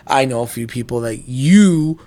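With a dark, animated voice of medium pitch, a man talks at a moderate pace as a podcast co-host. His casual chat runs to long rambling stories full of swearing, and he acts out quoted lines.

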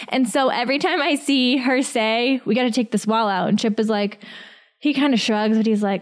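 A woman's voice: on the high side, moderate pace. Chatty woman podcast co-host. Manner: chatty, laughs often, animated retelling. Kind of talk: casual chat.

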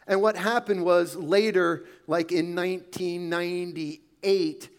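A man preaching a sermon, telling a story in a conversational way that often sinks to a soft hush. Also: sits high, fairly even intonation, slow pace, clean tone.

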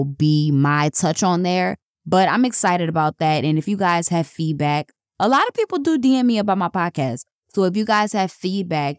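A young woman hosting her own podcast in casual, blunt chat, swearing freely and jumping up in pitch when excited. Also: no echo, studio quality. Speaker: podcast host.

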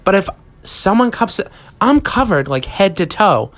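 Brief: male comic host, slow drawn-out delivery, cursing exasperated rant. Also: sits high, sing-song, a bit bright. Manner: profane, exasperated ranting. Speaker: podcast host. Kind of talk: comedic rant monologue.

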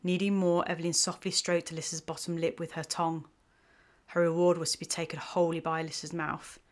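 A woman reading a romance story aloud in an even, measured way. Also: lowish voice. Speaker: host and story narrator. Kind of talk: scripted story narration.

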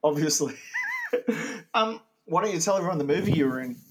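Australian host, animated pitch, teasing comedy banter. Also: male voice, a little hiss or hum, poor audio. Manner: playful, teasing, quick to laugh. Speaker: podcast co-host. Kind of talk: casual comedy chat.

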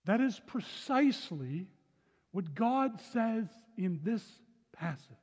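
A man with a high voice preaching to his congregation. He reads scripture low and soft, then speaks earnestly in his own voice. The sound carries a long hall reverb. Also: big pitch swings, slow pace. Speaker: pastor. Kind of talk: sermon with scripture reading. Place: church sanctuary.

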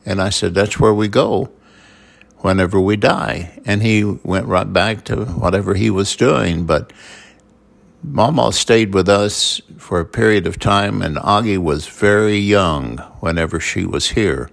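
Older grandfather type, very deep gravelly voice, halting and unhurried. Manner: unhurried storytelling with many "uh"s. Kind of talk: casual conversation.

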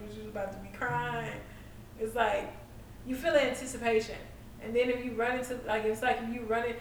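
A woman hosts a casual faith podcast. She rambles, circles back and laughs often, and her voice sits a little high. She sounds a bit far from the mic in an echoey room with faint background noise. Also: fairly bright tone. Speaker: podcast host.

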